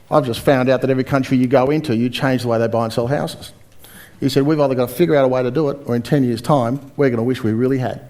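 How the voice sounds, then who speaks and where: A man's voice: mid-range voice, a little mellow. A middle-aged Australian man giving a motivational seminar talk, telling stories with quoted dialogue and quizzing the audience. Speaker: seminar speaker.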